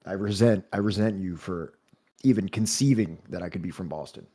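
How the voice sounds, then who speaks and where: A man's voice: low-pitched, fairly quick, mellow, breathy edge. A man from New Jersey hosting a podcast, chatting loosely and joking, with many fillers and restarts before discussing a book. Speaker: podcast host. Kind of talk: casual chat and book discussion.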